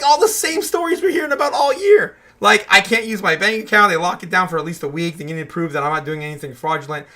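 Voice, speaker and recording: Bright-voiced man ranting casually. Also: sits high. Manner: frustrated, swearing, rambling. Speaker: host of a crypto show. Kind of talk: casual livestream rant.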